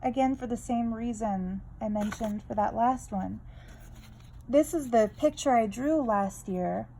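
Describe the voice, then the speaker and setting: A woman's voice: on the high side, a little slow, gravelly, mellow, a little hiss or hum, low-quality recording. A woman vlogging about her art, chatting in a rambling, candid way full of tangents while she draws. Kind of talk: casual draw-along chat.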